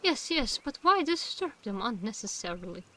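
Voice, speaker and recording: Woman reading as a calm, evasive priest. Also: on the high side, normal speed, full character voice. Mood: placating.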